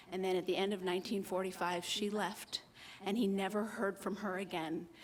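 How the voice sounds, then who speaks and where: With a mid-range voice, an American woman in early adulthood tells a personal story at a live slam. She's animated and laughs at herself, acting out the voices of people from her story.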